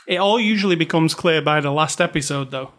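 A man with a fairly high, slightly bright voice talks a little fast while hosting a movie review podcast. He chats casually and jokes with his co-host, reading aloud with dramatic stress.

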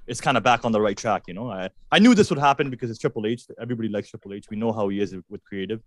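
A man from Canada, a guest on a podcast, chatting casually and excitedly about wrestling, laughing often. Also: on the low side, rapid-fire. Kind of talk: casual chat.

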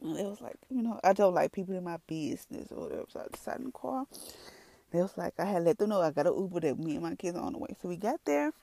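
Tearful woman, warm. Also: fairly low pitch, lively intonation, quick pace, gravelly, no room sound. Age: adult with three children. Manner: rambling, repeats herself, speaks to listeners as y'all. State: tearful at times. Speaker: person giving a testimony. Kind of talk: emotional personal testimony.

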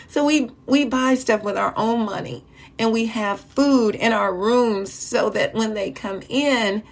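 A woman's voice: a little high, measured pace. A woman giving an earnest testimony at church, retelling people's stories with heartfelt urgency. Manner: earnest storytelling, acting out quoted people. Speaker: church speaker. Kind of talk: testimony sermon.

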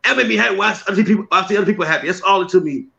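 Hyped guy telling stories, real high gravelly voice, stutters a lot, kinda muffled audio. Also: rapid-fire. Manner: excitable, stammering, laughing, shouting bursts. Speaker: skit creator and guest. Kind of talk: casual storytelling.

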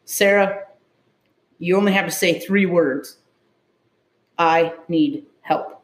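A woman first responder tells her story to an interviewer in a candid, emotional way. She is blunt and swears freely. The sound rings around an echoey room. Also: lowish voice.

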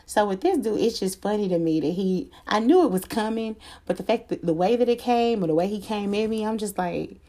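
A woman's voice: medium pitch, expressive, a little fast, hardly any pauses, dark tone. A woman telling a personal story to her viewers in a casual storytime chat, candid and slangy, swearing freely.

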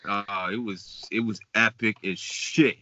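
A man from Pittsburgh, a hip-hop artist guest, telling animated, profane stories in a casual podcast chat and laughing often. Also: lowish voice, measured pace, slight background noise. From Pittsburgh, Pennsylvania. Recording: dull, dry lo-fi recording.

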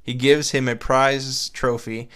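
A man's voice: medium pitch, level tone, slow, fairly bright tone, clean tone. A young man co-hosting a podcast, reading fan fiction aloud with offhand, crude jokes and frequent laughs. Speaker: podcast co-host.

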